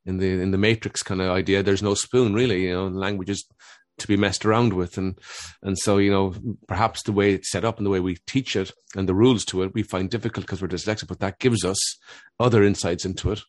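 Deep fast-talking man. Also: fairly even intonation, no echo. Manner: earnest, explanatory, repeats words as he thinks. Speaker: guest, family therapist. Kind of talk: reflective conversational interview.

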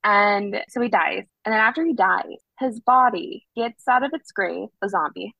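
A woman's voice: medium pitch, moderate pace, creaky, pushed and bright, no room sound, highs cut off. A woman co-hosting a podcast, chatting casually and jumping in with asides and stories. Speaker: podcast co-host. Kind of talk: casual chat.

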